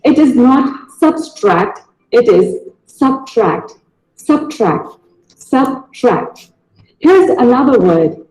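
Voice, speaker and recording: A high-pitched man gives a video lesson on pronunciation, speaking slowly and carefully. He repeats each word as a drill, and his voice rings in an echoey room. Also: very animated, darkish tone. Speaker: pronunciation teacher.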